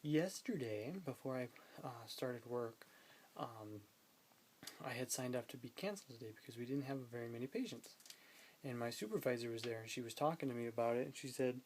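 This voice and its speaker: A man's voice: mid-range voice, a little fast, a little mellow, slight background noise, rough recording. A man talking casually to his phone camera at home, rambling through his day with fillers and quoted bits of conversation. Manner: rambling storytelling with fillers, quoting others. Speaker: vlogger. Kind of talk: casual vlog chat.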